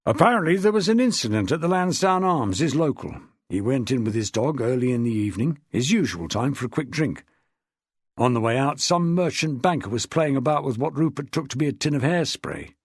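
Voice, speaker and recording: Man doing a deferential police inspector, husky and plain, audiobook. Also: mid-range voice, lively intonation, a little fast, dry recording, clean studio sound. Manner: polite, respectful, matter-of-fact. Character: deferential male police inspector, loyal junior officer. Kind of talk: audiobook character voice.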